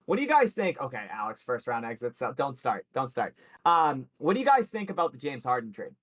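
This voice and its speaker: A man's voice: mid-range voice, animated, fairly quick, a bit bright. A man co-hosting a sports betting livestream in casual, loose chat, swearing freely and talking a lot. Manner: loose, profane and chatty.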